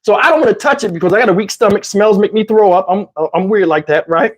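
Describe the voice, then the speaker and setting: A man casually telling a story to his channel, in a slangy, profane, lively way. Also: high-pitched, fast talker. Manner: profane, slangy, lively retelling with acted-out quotes.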